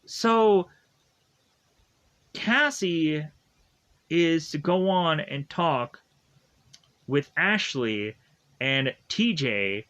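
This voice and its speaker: Young male recap host; unhurried, filler-heavy casual chat, slightly high register. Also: animated, fairly bright tone, clean tone. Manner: rambling, full of "like" fillers, chuckles often.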